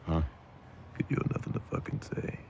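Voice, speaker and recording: An actor playing a bitter, gravel-voiced older brother in a film. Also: male voice, brisk, darkish tone, lightly acted. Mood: angry. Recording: film clip with noise.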